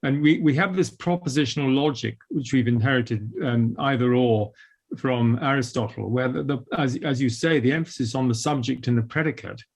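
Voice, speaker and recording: A male moderator in a question session, thoughtful and halting, filling pauses with hesitations as he links ideas. His pitch sits in a middle range. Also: vocal fry, darkish tone, breathy edge. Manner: reflective, hesitant, with many "um"s.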